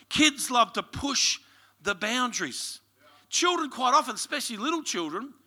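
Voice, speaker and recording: A man with an Australian accent preaching a sermon, telling lively stories and calling out to the congregation. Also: high voice. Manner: lively storytelling, calls to the congregation. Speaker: pastor.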